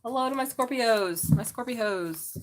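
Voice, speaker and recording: A woman hosting a live tarot reading from her bedroom, thinking aloud and often breaking into excited exclamations. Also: on the high side, unhurried, a little hiss or hum. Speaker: tarot reader.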